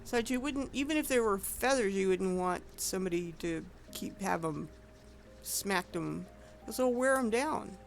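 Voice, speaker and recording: A woman's voice: mid-range voice, expressive, measured pace, vocal fry, faint music behind. A woman streaming an online game, chatting casually and rambling with frequent self-corrections. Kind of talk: casual gameplay commentary.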